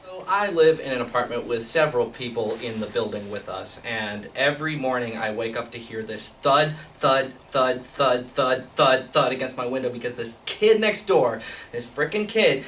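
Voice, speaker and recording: A man actor delivering a comedic rant about neighbors, exasperated and climbing in pitch as his irritation grows. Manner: fast, exasperated, builds to shouting. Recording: distant mic, faint room noise.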